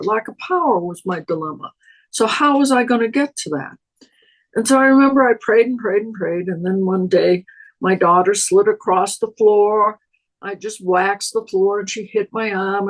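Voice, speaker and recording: A woman's voice: medium pitch, rough recording. Older woman sharing her recovery story. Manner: storytelling, acts out her own past words. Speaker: speaker at a recovery meeting. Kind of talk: personal testimony. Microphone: video call.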